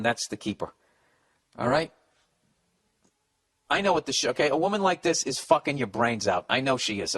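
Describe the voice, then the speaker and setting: Medium in pitch and fairly bright, the man's voice carries a comedy podcast where he handles listener letters. He trips over the words as he reads them, then launches into blunt, sweary, meandering advice.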